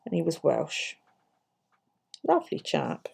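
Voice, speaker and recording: Gravelly English woman chatting sweary. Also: low voice, wildly swooping pitch, takes it slowly, a little mellow. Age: middle-aged. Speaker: bullet journal vlogger. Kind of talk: casual chat while journaling.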